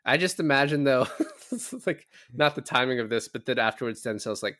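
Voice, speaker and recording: In a clean studio recording with no echo, a male podcast co-host chats about a movie he's recapping. He speaks at normal speed in an expressive, fairly bright, medium-pitched voice, performing quoted lines and cursing freely.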